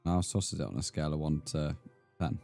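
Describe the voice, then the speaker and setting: A man's voice: rumbling low, fairly quick, gravelly, dark tone, soft background music. A young British man chatting casually with viewers on a live gaming stream, bantering and calling people mate. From Britain. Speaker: livestream gamer.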